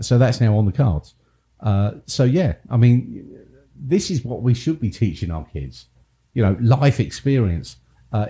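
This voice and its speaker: An English-accented man co-hosts a podcast in a mellow, mid-range voice. It's a casual chat in which he teases his co-host and laughs often.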